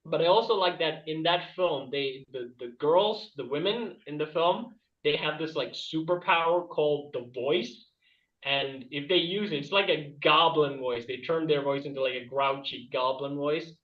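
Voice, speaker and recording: A man's voice: fairly high pitch, moderate pace, reverberant, far from the mic, highs cut off. A man doing a rambling stand-up comedy bit over a video call, laughing at his own jokes. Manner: rambling and self-amused, laughing at his own jokes, with jumpy shifts in loudness.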